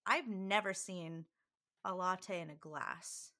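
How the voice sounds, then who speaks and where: A woman's voice: lowish voice, takes it slowly, bright, forceful tone. A woman co-hosting a podcast, chatting and explaining things with frequent laughs. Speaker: podcast co-host. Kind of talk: casual chat.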